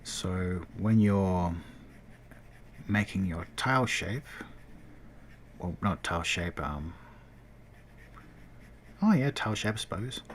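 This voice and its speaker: A low-pitched, expressive man speaks slowly, leaving long pauses, with a little background noise. He's livestreaming game development as a casual tutorial, rambling as he works and frequently correcting himself mid-sentence.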